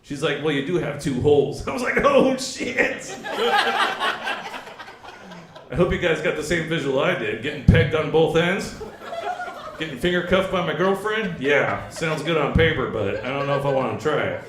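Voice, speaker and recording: Speaking at a normal pace but with long pauses, a man with a fairly high voice does crude comedy at a brewery in front of a live audience. He acts out both sides of the dialogue in his animated stories, and the sound is roomy, with background noise.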